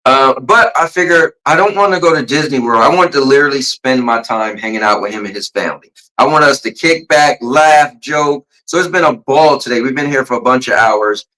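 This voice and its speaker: A man's voice: mid-range voice, fairly quick, few pauses, bright, forceful tone, rough recording. A middle-aged American man hosting a casual livestream podcast, chatting and reading the chat aloud. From USA. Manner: easygoing, reads chat aloud. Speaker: podcast host.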